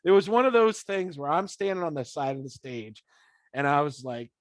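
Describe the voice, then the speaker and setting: Guy hosting a band interview, kinda high voice, swears a lot, acts out stories, dry close sound. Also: normal speed, dry recording. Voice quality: swears freely, animated storytelling. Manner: laughs often, acts out scenes in quoted voices. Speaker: podcast interviewer. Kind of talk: casual chat.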